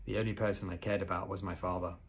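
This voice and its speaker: A man reading a children's book aloud, with hushed, suspenseful narration and casual asides to show pictures. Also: deep voice, little pitch movement, fast, a little hiss or hum. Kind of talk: storybook read-aloud narration.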